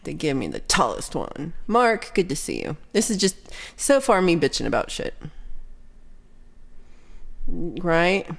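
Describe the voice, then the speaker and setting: A woman's voice: fairly low pitch, unhurried, vocal fry, long pauses. A woman in her thirties or forties hosting a casual livestream chat, telling ranting stories with plenty of swearing and reading out viewer comments. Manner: animated ranting storyteller, swears freely. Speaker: livestream host.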